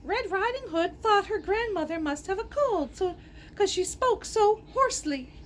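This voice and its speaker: A woman storyteller reading a fairy tale aloud in an animated way, gasping and adding playful asides. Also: extremely high pitch, moderate pace, a little hiss or hum.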